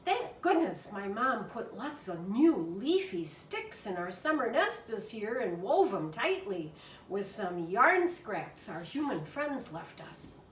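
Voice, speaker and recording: A woman reading a children's storybook aloud in an expressive, animated way. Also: medium pitch, slow pace, recorded from a distance, a little hiss or hum. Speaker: reader. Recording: echoey room from afar.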